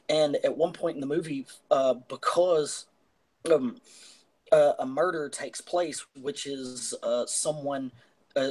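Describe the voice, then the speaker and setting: A man's voice: medium pitch, a little mellow, low-quality recording. A man talks through a movie plot on a casual film podcast. He rambles, piling up fillers and restarting his sentences as he goes. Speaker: podcast co-host.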